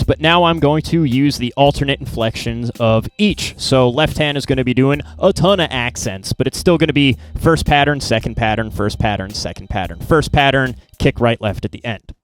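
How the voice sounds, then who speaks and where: A man's voice: mid-range voice, normal speed, slight background noise. A man teaching drums in a casual, plain-spoken way, explaining step by step with small slips. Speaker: drum teacher. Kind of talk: casual instructional talk.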